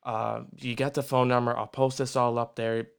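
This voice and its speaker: A man's voice: mid-range voice, little pitch movement, moderate pace, vocal fry, clean tone. A man from Michigan hosting a radio show, chatting and plugging a guest in a loose, upbeat way. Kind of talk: casual radio interview.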